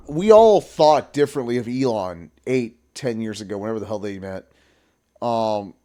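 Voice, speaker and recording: A man's voice: medium pitch, darkish tone. A man in his thirties hosting a political live stream, reacting with blunt, profane commentary. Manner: angry profane ranting.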